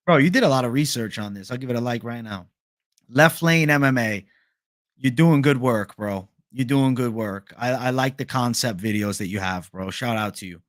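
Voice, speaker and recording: A man's voice: medium pitch, moderate pace, no echo, studio quality. A young man hosting a casual livestream, reading viewer questions aloud in a laid-back, profane bro manner. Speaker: livestream host.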